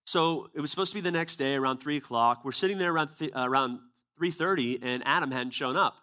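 A man delivers a sermon through relaxed personal storytelling. His tone is conversational and unpolished, turning earnest and emphatic as he drives home his message. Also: medium pitch, fast talker. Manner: casual, conversational retelling with quoted dialogue. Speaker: preacher.

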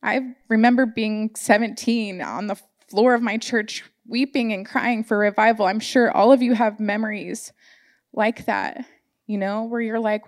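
A woman's voice: a little high, fairly even intonation, measured pace. A woman giving an earnest, emotional sermon to her church congregation, sharing personal stories. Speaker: church speaker. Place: church sanctuary.

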